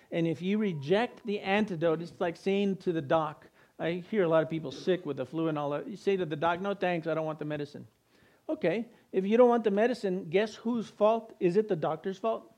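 A man's voice: a little high, a little mellow. A man preaching a sermon as pastor, speaking conversationally and putting questions to his congregation.

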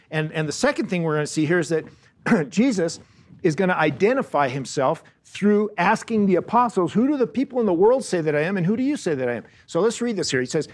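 A man preaching a Bible lesson, earnest, often repeating words and slowing down to stress key phrases. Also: fairly high pitch. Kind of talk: Bible teaching sermon.

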